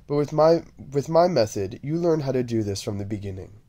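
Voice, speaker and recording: A man teaching a language lesson, speaking slowly and deliberately and repeating syllables over and over for the listener to copy. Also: mid-range voice, expressive, warm tone. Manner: drawn-out, repeated syllable drills. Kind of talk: slow, deliberate lesson narration.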